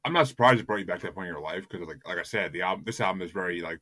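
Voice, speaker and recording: Male podcast host, deep and punchy, dry close sound, eager, rambling, stammering. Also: very fast, a bit bright, no room sound. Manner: rambling and enthusiastic, stumbles over repeated words. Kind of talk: casual podcast chat.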